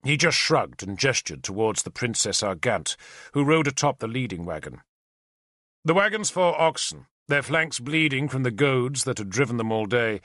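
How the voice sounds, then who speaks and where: A man narrating an audiobook in the first person with a measured storytelling cadence. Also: mid-range voice, a bit bright, no room sound, studio quality.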